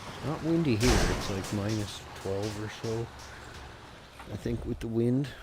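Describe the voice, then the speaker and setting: A man with a low, deep voice talks through a game stream in a loose, rambling way. He swears freely and slips into folksy rants, and a faint hiss of noise sits behind him. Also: measured pace. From Canada. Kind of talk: casual chat while gaming.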